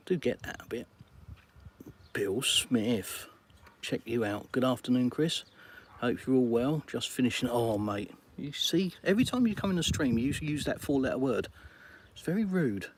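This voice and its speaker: Chatty Englishman on a live stream. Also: medium pitch. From England. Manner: chatty and matey, calls viewers mate. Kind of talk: casual live-stream chat reading viewer comments.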